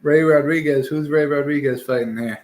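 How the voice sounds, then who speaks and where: A man's voice: on the high side, fairly even intonation, moderate pace, darkish tone. A young man hosting a casual fight-picks show, talking in a blunt, opinionated and profane way. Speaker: podcast host giving fight picks.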